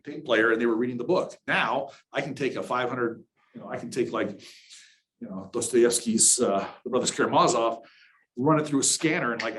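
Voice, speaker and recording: A middle-aged man directing a university accessibility office, giving a workshop presentation to an audience in a candid, conversational way with dry, dark humor. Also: medium pitch, reverberant, slight background noise, poor audio.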